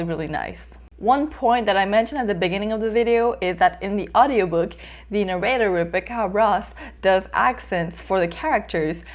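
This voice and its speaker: A woman from North America hosting her own book review vlog, talking in a chatty, hesitant way with frequent small laughs. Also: lowish voice. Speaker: book reviewer, channel host.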